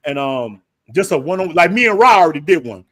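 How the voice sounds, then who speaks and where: A fairly high-pitched American man hosting a casual livestream, telling animated stories full of slang and quick laughs. His voice is dry and close, with no room sound around it. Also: no room sound. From United States. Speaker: livestream host. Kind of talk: casual group chat on a livestream.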